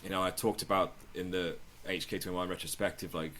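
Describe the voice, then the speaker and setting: Male podcast guest, low voice, easygoing anecdotes, casual profanity, faint ambience. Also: fast, a little hiss or hum. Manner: relaxed, swears casually, acts out quoted people in higher voices. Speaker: guest travel vlogger. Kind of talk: casual interview chat.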